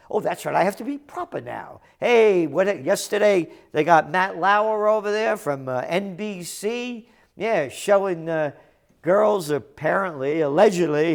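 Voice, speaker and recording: An older man hosting a trends commentary show, delivering a combative, sarcastic ranting monologue that breaks into shouted insults. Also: a little high, gravelly.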